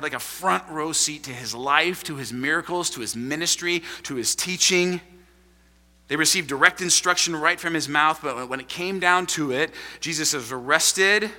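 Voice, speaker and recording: A man preaching a sermon to a congregation in a large room, animated and emphatic. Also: a little high, big-room sound. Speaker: pastor.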